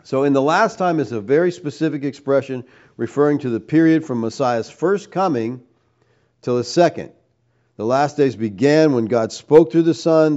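A man delivers a teaching sermon in a warm, mellow voice of middling pitch. He argues emphatically, stacking rhetorical questions. The recording sounds dull and lo-fi. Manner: emphatic, rhetorical questions, tags "all right?". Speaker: preacher.

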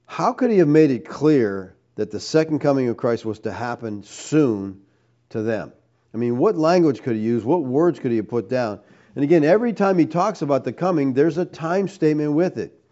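A man delivers a teaching sermon in a warm, mellow voice of middling pitch. He argues emphatically, stacking rhetorical questions. The recording sounds dull and lo-fi. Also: animated, normal speed. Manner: emphatic, rhetorical questions, tags "all right?". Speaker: preacher.

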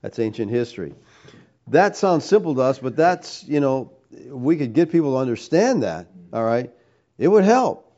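A man delivers a teaching sermon in a warm, mellow voice of middling pitch. He argues emphatically, stacking rhetorical questions. The recording sounds dull and lo-fi. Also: very animated, normal speed. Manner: emphatic, rhetorical questions, tags "all right?". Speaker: preacher.

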